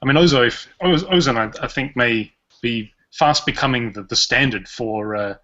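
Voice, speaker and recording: A man's voice: medium pitch, moderate pace, pushed and bright. A man with an Australian accent hosting a podcast in casual, rambling, jokey chat. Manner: rambling, jokey, chuckles often. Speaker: podcast host. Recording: dull lo-fi podcast audio.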